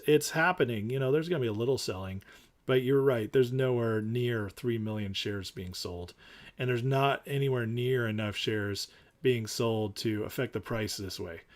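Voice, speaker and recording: Male livestream host, casual chat, emphatic and rambling, answers viewer comments. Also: medium pitch. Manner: rambling and emphatic, with fillers and restarts.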